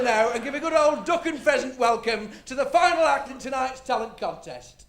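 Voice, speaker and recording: A man's voice: very high-pitched, lively intonation, normal speed, vocal fry, reverberant, a little hiss or hum. A man introducing a comedy act as a bawdy, showy master of ceremonies. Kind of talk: stage compere introduction.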